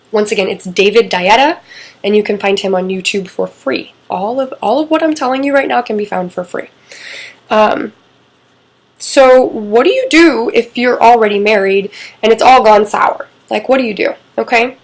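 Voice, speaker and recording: In a low-quality recording, a middle-aged woman with a medium-pitched voice coaches on relationships. Her talk is casual and candid, full of free swearing and acted-out quoted lines.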